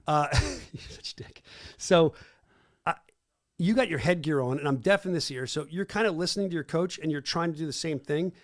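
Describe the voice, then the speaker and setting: A man's voice: on the high side, animated, normal speed, dry recording, studio quality. A man hosting a podcast, chatting casually and firing off eager questions. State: coughing from a lingering illness. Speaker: podcast host.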